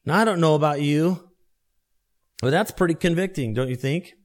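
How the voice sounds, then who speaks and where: A man preaching a sermon as a pastor, earnest and emphatic, slowing down on key phrases and repeating points for weight. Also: a little high.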